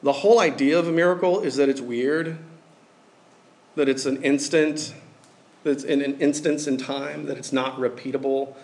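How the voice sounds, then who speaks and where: A man's voice: mid-range voice, steady tone, moderate pace, darkish tone. A man giving a casual, conversational sermon, talking informally with many fillers like "like" and "um".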